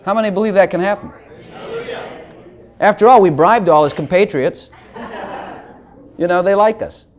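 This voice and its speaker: A man's voice: high voice, moderate pace, long pauses. A man preaching a sermon, joking between passages of scripture he reads aloud. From Texas.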